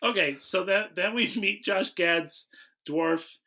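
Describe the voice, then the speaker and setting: A man hosting a podcast, recapping a movie in a relaxed, wry way, often restarting his sentences. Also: sits high, slow pace. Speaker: podcast host. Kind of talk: casual comedic movie recap.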